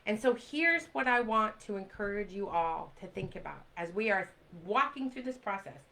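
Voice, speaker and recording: A woman's voice: medium pitch, lively intonation, moderate pace, creaky, sharp tone, poor audio. A woman in her forties talking straight to her viewers in an urgent, pleading way, repeating phrases for emphasis and answering live comments as she goes. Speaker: livestream host. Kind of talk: impassioned direct-to-camera talk.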